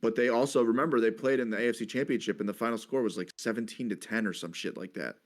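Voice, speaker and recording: A man's voice: medium pitch, steady tone, fast talker. A man hosting a casual sports betting chat, leading the talk and reeling off statistics. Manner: leads the segment, reels off stats. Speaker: host.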